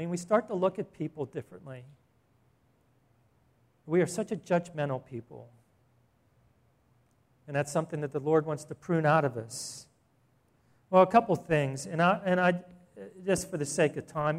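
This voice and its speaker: A man's voice: fairly high pitch, a little mellow. A middle-aged male pastor preaching a sermon in a conversational way that builds to fervent emphasis.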